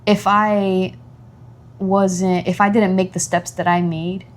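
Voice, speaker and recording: A woman co-hosting a casual podcast about motherhood and faith. She talks animatedly, with many fillers. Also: takes it slowly. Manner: animated, acts out her child's voice in high pitch. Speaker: podcast co-host. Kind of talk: casual chat.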